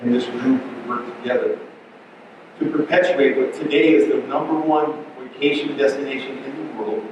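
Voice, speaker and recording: A middle-aged man preaching a sermon as pastor, animated and storytelling, with frequent restarts. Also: mid-range voice, moderate pace, muffled recording, noisy background. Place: church sanctuary. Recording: very echoey church hall, distant mic.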